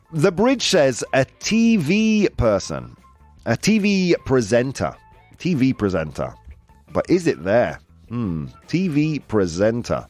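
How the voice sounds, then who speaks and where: A man hosting a live quiz game with his audience, reading out their answers in a playful way and laughing often. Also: medium pitch. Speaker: host. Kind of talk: live-stream game show with chat.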